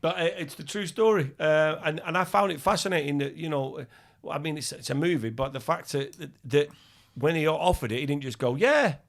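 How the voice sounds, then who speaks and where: A middle-aged man co-hosting a podcast, telling stories with enthusiasm and getting loud when excited. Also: on the high side, fairly quick, vocal fry. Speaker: podcast co-host. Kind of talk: casual chat, storytelling.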